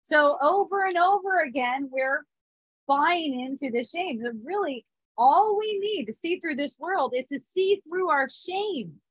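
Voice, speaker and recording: High-voiced woman teaching spiritual ideas. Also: expressive, a little slow, dry recording, muffled recording. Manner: earnest, talks with small restarts and frequent "okay?". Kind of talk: spiritual talk to a group. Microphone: phone or device mic.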